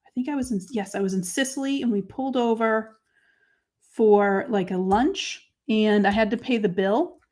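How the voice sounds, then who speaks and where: A woman's voice: fairly high pitch, moderate pace. Chatty woman hosting a crafting stream. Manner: chatty, talks through each step as she works; drops to quiet murmurs while writing. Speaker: crafting show host. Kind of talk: live crafting chat, answering viewer comments.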